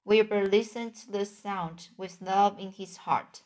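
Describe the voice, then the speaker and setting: A woman reading a children's storybook aloud, gently and with small slips. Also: medium pitch, steady tone, measured pace. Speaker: audiobook reader. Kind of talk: storybook narration.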